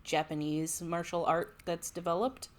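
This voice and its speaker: A woman co-hosting a podcast, speaking in a somewhat low voice. She chats casually and adds measured comments. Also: fairly even intonation. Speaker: podcast co-host. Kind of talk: casual chat.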